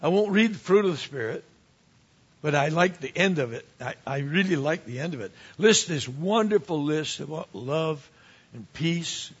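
A man who is a pastor, preaching a sermon with animated swings from quiet asides to emphatic rises. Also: on the high side, normal speed, slightly rough, muffled recording.

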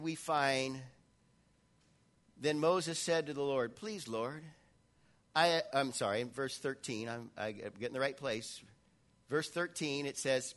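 A man preaching a sermon in a church, animated, swinging between loud passages and hushed ones. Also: sits high. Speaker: pastor.

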